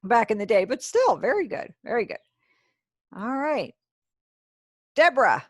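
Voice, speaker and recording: A woman's voice: a little high, big pitch swings, a little slow, no echo, studio quality. A woman teaching a sign language class over a video call, chatty and encouraging, praising students as she goes. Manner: chatty asides to herself. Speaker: ASL teacher.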